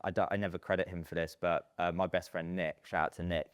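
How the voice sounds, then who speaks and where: Deep-voiced chatty man. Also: fast, clean tone, no room sound, clean studio sound. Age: 30s. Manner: animated storyteller, chatty with many fillers. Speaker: podcast guest, estate agency businessman. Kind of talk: casual interview chat.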